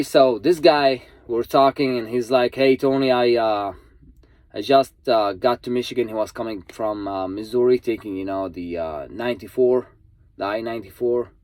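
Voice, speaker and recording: A man's voice: mid-range voice, a little mellow, dry recording. A truck driver vlogger, a man telling a story in a casual, earnest way, repeating himself and pleading with other drivers to stay safe.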